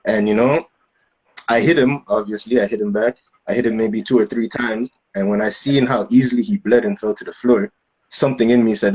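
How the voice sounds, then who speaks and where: A man's voice: fairly low pitch, fairly quick, darkish tone, husky, poor audio. A man co-hosting a podcast, telling a story loosely with many fillers and restarts. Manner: acts out voices with laughter. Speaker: podcast co-host. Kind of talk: casual storytelling.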